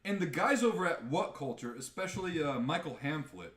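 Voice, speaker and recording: Animated, foul-mouthed man ranting on a podcast. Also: on the high side, brisk, echoey room. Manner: animated, profane ranting with mocking impressions. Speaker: podcast co-host. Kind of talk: casual live podcast chat.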